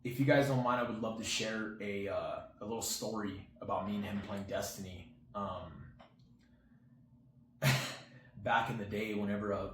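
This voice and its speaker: A young man with a fairly low voice rambles through a personal story, full of fillers and little restarts. He acts out his friend's words as he goes. The room is roomy and echoey, with a faint hiss underneath. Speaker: channel host. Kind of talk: casual storytelling to camera.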